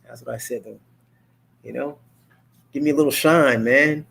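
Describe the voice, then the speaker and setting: A man's voice: medium pitch, normal speed, creaky, slightly rough. A man hosting his own talk show, chatting in a casual, rambling monologue full of fillers and restarts. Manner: mimics others' voices in animated quotes.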